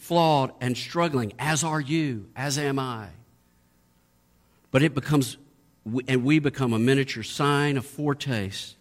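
A middle-aged man preaching a sermon, asking strings of rhetorical questions and building to emphatic peaks. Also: mid-range voice. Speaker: pastor.

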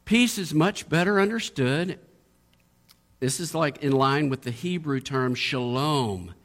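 A man's voice: a little high, expressive, measured pace, a bit bright. A middle-aged man preaching a sermon, asking strings of rhetorical questions and building to emphatic peaks. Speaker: pastor.

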